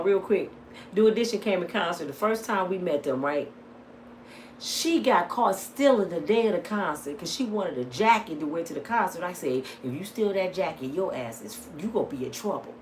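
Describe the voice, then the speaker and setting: A middle-aged woman talking to her viewers in a casual vlog, swinging from lively storytelling to heated, preaching talk. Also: lowish voice, normal speed, slight background noise. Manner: plain-spoken, addresses viewers as y'all. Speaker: vlogger. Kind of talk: casual storytelling and emotional monologue.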